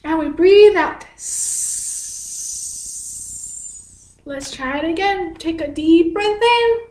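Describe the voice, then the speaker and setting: A woman with a very high, light voice leads small children through a class. She talks slowly and patiently in a sing-song way and explains each step simply. The sound is roomy, with her voice bouncing off the walls of a home space. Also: expressive, a little mellow, a little hiss or hum. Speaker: children's dance teacher. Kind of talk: slow, gentle instruction for young children. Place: home room, livestreamed class. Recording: echoey room.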